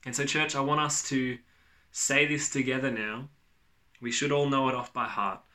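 A man's voice: medium pitch, fairly even intonation, normal speed, pushed and bright. A man preaching a sermon to his church, earnest and emphatic, often repeating key phrases. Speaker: pastor.

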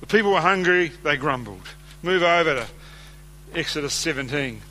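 Bright-voiced preacher questioning his listeners. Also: fairly high pitch, expressive, normal speed, a little hiss or hum. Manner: conversational, asks the listeners questions. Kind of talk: sermon with scripture reading.

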